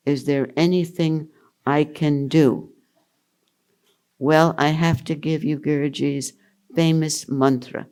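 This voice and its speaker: An older woman teaching at a retreat, answering questions in an unhurried, amused way and laughing often. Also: deep voice, fairly even intonation, darkish tone, clean tone. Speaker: spiritual teacher.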